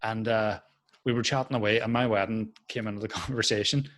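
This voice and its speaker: A man's voice: lowish voice, steady tone, brisk, a bit bright. A young adult man, a comedian in casual podcast chat over a video call, telling stories with lots of swearing and acted-out quotes.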